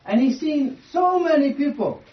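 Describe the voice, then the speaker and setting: A man preaching a sermon in short phrases, pausing for his interpreter after each one. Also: very high-pitched, expressive. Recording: roomy, distant, dull sound.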